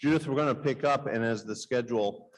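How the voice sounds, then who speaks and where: A man's voice: medium pitch, brisk. A man moderating a conference interview, steering with prepared questions. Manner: organized, reads prepared questions.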